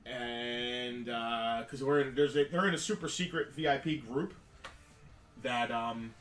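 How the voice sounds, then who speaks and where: Soft music plays behind this man's mid-range, slightly bright, unhurried voice as he co-hosts a live toy sale. He sells toys in casual chat, explaining at length, recorded from a distance in an echoey room.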